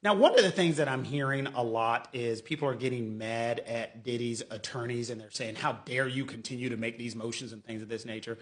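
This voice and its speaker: A man's voice: mid-range voice, fairly quick, few pauses. A middle-aged man, a lawyer, giving casual legal commentary and acting out quotes in mocking voices. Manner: animated, mocking, acts out quotes.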